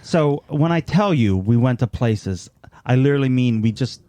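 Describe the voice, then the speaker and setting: Guy rambling deadpan on a podcast, warm low-toned voice, dry room. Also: normal speed, no room sound. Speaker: podcast co-host. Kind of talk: casual chat.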